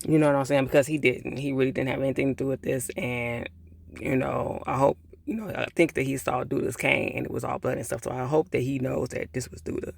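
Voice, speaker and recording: A man's voice: medium pitch, fairly even intonation, fairly quick, vocal fry. A man giving a casual, rambling recap of a TV episode, acting out the characters' lines and dropping fillers like "or whatever.". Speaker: TV reviewer.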